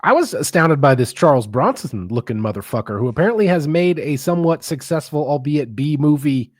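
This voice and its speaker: A man's voice: on the high side, animated, fairly quick, no room sound, studio quality. A man co-hosting a podcast in casual chat, laid-back and sardonic, sprinkling in slang. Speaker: podcast co-host.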